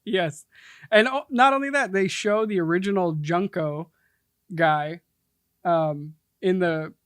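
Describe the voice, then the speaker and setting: A man's voice: high voice, slow pace, a bit bright, clean tone, no room sound. A man co-hosting a podcast, recapping a movie in casual chat and laughing often. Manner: laughs often, brief agreeing replies. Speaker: podcast co-host.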